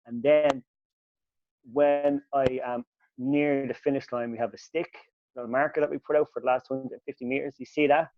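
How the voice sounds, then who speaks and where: A man co-hosting a casual podcast, telling stories in an animated, self-mocking way. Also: mid-range voice. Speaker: podcast co-host. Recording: dull audio with faint hiss.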